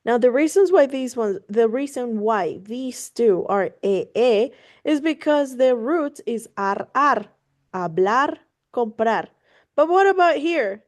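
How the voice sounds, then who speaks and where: A woman's voice: on the high side, expressive, slow pace. A woman tutoring Spanish on a video call, explaining casually and encouragingly, switching between English and Spanish, laughing easily and swearing offhand. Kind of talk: online one-on-one language lesson.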